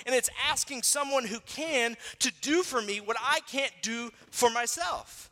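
Bright-voiced man preaching in a hall. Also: very high voice, moderate pace, hardly any pauses. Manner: conversational, animated storytelling with acted voices. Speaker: pastor. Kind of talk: sermon.

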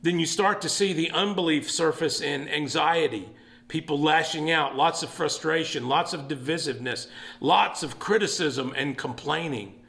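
Male pastor, fairly high voice, earnest sermon, building to emphatic calls. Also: moderate pace, creaky, a bit bright. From East Texas. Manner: earnest, rising to emphatic exhortation.

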